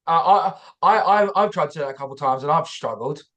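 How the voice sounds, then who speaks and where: A man's voice: on the high side, fast, a bit bright, highs cut off. A man hosting a podcast, asking questions in a loose, casual way and stammering now and then. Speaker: podcast host.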